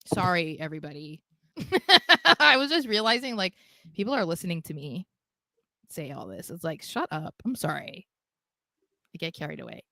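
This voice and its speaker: A woman's voice: lowish voice, very animated, normal speed, creaky, pauses often, sharp tone, no echo. Chatty giggly woman, dry close mic. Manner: chatty, giggly, slips into quoted voices. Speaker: podcast co-host. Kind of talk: casual wrestling podcast chat.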